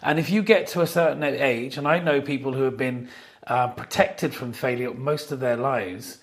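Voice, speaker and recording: Animated man telling stories. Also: mid-range voice, moderate pace. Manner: animated storyteller, acts out quoted lines. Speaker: podcast guest, watch company founder. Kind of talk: casual chat. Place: office.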